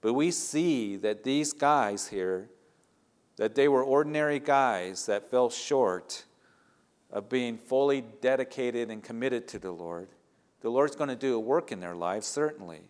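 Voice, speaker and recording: A man's voice: medium pitch, expressive, a little slow, a little mellow. A middle-aged male pastor preaching a sermon in a conversational way, building to rising emphasis at key points.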